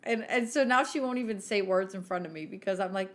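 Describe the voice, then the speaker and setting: Co-host, woman, playful teaser, quick jokes. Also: mid-range voice. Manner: teasing, chimes in with jokes. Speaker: podcast co-host. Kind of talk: casual chat.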